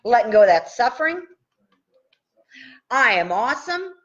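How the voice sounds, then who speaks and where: A woman with a fairly high voice leads a guided tapping session, naming each tapping point and following it with an affirmation. Her delivery is upbeat and chatty, with some casual swearing. The audio is dull and muffled, as on a live stream. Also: sing-song, normal speed. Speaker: tapping coach.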